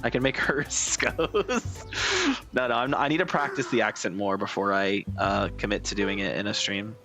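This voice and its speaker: A man's voice: fairly low pitch, fairly even intonation, moderate pace, sharp tone, soft background music. A man streaming a game, chatting casually in a rambling, wry way with lots of fillers. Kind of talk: casual gaming commentary.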